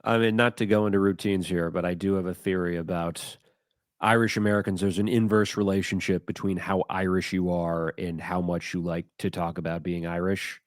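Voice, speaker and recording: A lowish male voice telling loose, rambling, self-deprecating stories on a podcast. It is recorded close and dry, with no room echo. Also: steady tone, a little fast. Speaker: podcast co-host. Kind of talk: casual comedic chat.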